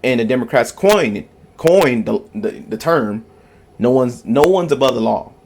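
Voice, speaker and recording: A man's voice: medium pitch, animated, unhurried, darkish tone. A man giving a casual reaction commentary, emphatic and repetitive, often tagging his points with "okay?".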